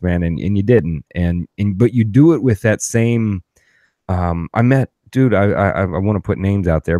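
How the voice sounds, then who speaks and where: A man's voice: sits low, a little mellow, no echo, clean studio sound. A man hosting a podcast, telling stories in a loose, profane, ranting way. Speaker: podcast host. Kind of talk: casual podcast chat.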